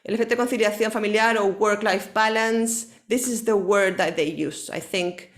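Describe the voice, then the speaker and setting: A woman whose first language is Spanish, teaching English to a single student online. She explains slowly, checks in with a frequent "okay?" and slips into Spanish for quick clarifications. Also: mid-range voice, fairly even intonation. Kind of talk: online one-to-one English lesson.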